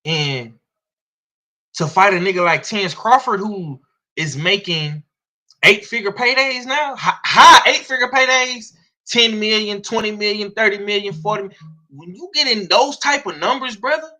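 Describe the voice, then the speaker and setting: A man with a Southern US accent giving blunt, slangy, profane boxing commentary in a casual, animated way. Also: high voice, normal speed.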